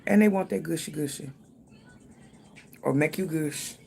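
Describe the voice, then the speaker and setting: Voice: medium pitch, measured pace, gravelly, dark tone, faint music behind. A tarot reader giving a casual reading, thinking aloud, speaking straight to the viewer and swearing freely.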